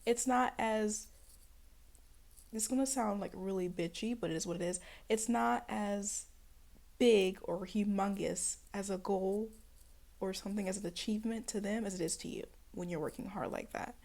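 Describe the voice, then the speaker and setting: A young woman talking straight to her viewers in a casual self-help pep talk, sassy and blunt, with swearing, laughter and quick put-on voices. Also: creaky, darkish tone. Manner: acts out other people's voices in jumps of pitch. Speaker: spiritual self-help vlogger.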